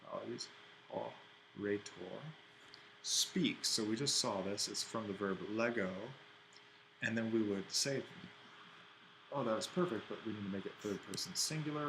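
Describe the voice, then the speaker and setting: A man's voice: on the low side, moderate pace, creaky, noisy background. A man teaching an ancient Greek exercise, thinking aloud and correcting himself as he writes. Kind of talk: worked-exercise lesson.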